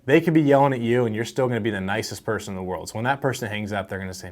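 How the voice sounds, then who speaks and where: A man's voice: on the low side, rapid-fire, hardly any pauses. A young man hosting a casual advice vlog on real estate wholesaling, talking to camera in a friendly, storytelling way. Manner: friendly, storytelling, animated with laughs.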